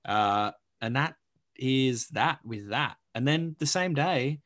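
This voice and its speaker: A man's voice: medium pitch, slow. A young man co-hosting a sports podcast, chatting casually and reeling off stats with plenty of fillers and jokes. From Australia. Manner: animated, joking, rattles off stats with lots of fillers. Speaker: podcast co-host.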